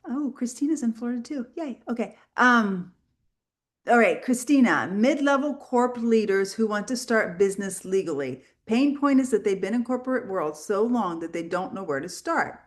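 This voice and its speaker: A middle-aged woman teaching a live online sales training, chatty and animated, acting out quoted dialogue in her stories. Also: fairly high pitch, moderate pace. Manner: chatty, many "like" fillers.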